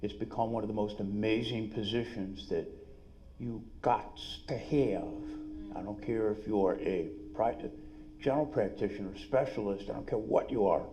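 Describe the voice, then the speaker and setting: A middle-aged man with a New York accent gives an energetic, salesy seminar talk at a conference, full of quick asides. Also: fairly low pitch, slight background noise. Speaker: dentist and business speaker. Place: conference room.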